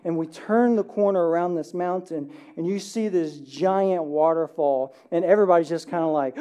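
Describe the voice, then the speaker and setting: A man in his thirties preaches an Easter sermon with a mellow, relaxed tone. He talks like he is telling a story to friends, tossing in "right?" to keep the church with him. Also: sits high, fairly quick, few pauses. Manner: conversational storytelling, frequent "right?" tags. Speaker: pastor. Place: church sanctuary.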